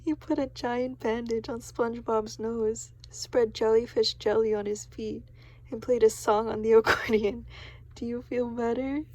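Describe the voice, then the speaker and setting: A woman's voice: on the high side, little pitch movement, a little slow, a little mellow, no echo, low-quality recording. Giggly woman reading a storybook aloud. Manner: giggly, stops to react in surprise. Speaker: storybook reader. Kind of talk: reading a children's book aloud with commentary.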